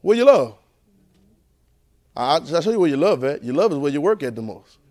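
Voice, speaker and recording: A man preaching a sermon to a class at a church training center, animated and repetitive, firing rhetorical questions. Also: a little high, a little fast.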